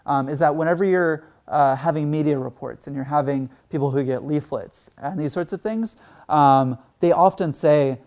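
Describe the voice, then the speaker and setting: Speaking at a moderate pace, this Texan conference speaker delivers an earnest talk full of "um" and "like." His voice sits fairly high and is a little mellow.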